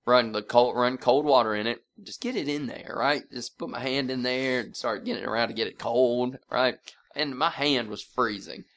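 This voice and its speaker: A man's voice: mid-range voice, moderate pace. A man co-hosting a podcast, telling a family prank story with laughter and casual swearing. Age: adult parent. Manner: animated, laughing storyteller who swears freely. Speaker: podcast co-host.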